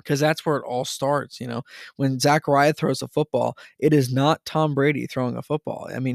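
A man in his thirties hosting a casual solo talk for listeners, earnest and stumbling over repeated words when he gets excited. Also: medium pitch, vocal fry, dry recording, clean studio sound. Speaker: podcast host.

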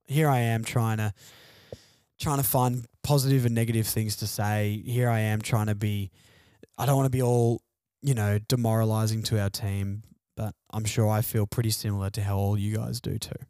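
A man's voice: lowish voice, dark tone, dry recording, clean studio sound. A man hosting a fan podcast alone, venting frustrated, sardonic opinions about his team's loss. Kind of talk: solo sports podcast rant.

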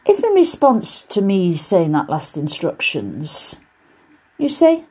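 A woman's voice: fairly low pitch, wildly swooping pitch, slow pace, darkish tone, breathy edge. A woman hosting a casual solo podcast about quilting. She talks in a chatty, encouraging way with loose, rambling asides. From United Kingdom. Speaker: podcast host and quilting teacher.

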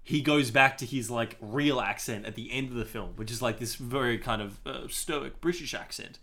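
A man co-hosting a casual film podcast, talking in an animated, enthusiastic way with frequent fillers. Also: medium pitch, moderate pace. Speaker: podcast co-host.

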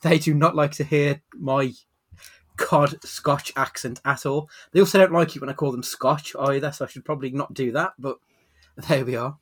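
A man hosting a podcast over webcam, with a slightly raised pitch. His chat is loose and jokey, with the odd swear word. He sets up his topics with a dramatic flourish. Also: steady tone, moderate pace. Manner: jokey, swearing, dramatic build-up when introducing. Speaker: podcast host.

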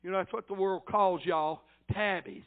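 An older preacher with a strikingly high voice delivers a fervent sermon, punctuating every few phrases with "amen" and building to shouted peaks. The sound is thin and tinny, like it came down a phone line. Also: male voice, steady tone, normal speed. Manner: fervent preaching cadence, peppered with amens, swelling to shouts. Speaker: pastor. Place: church service.

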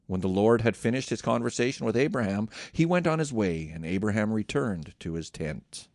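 A man reads scripture aloud with a steady, measured delivery. His voice has a gravelly edge. The recording is dry and close. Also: lowish voice, no echo. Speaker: scripture reader.

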